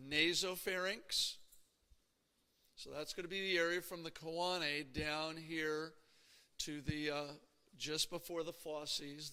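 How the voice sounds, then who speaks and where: A man's voice: on the high side, bright, forceful tone, clear, resonant tone. A man teaching an anatomy class in a conversational lecture style, checking in with the students often. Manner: conversational, checks in with frequent "okay?" and "right?". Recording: reverberant lecture hall.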